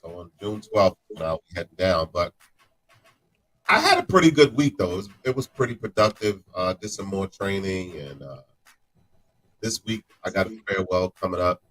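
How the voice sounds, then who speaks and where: Lower-pitched man, excitable co-host. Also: moderate pace. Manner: animated, stumbles and repeats words, laughs often. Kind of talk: casual podcast chat.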